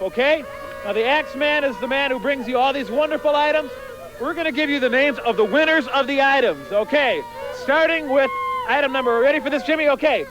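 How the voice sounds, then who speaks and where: Man, high voice, hammy reporter patter, rambling, outdoors. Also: poor audio. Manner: mock-excited reporter, rambling. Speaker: comic host of a local TV special. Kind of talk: mock live TV reporting. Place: outdoors in winter cold.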